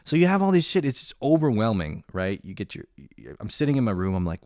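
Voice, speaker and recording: Delivering a profane comic rant as host, a young man stays animated, cursing a lot and breaking into frequent laughter. He speaks briskly in a lowish voice, and the sound is clean studio quality with no room sound.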